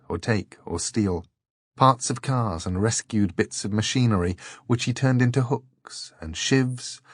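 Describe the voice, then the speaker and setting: Brief: a male audiobook narrator, low and unhurried, steady and deliberate. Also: no echo, studio quality. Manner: measured, deliberate storytelling. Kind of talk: scripted narration.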